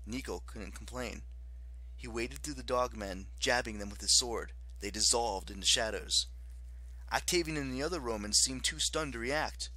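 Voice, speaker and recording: A man narrating an audiobook in an expressive, dramatic way. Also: medium pitch, normal speed, no room sound.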